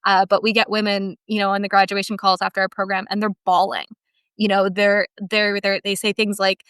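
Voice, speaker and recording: A woman speaks on a podcast with a smooth, resonant voice. She tells heartfelt, rambling stories, restarting her sentences as she goes. The recording is close and dry. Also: medium pitch, level tone, brisk, a bit bright, no echo. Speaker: guest, team member of a dressage education business. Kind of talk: casual podcast interview storytelling.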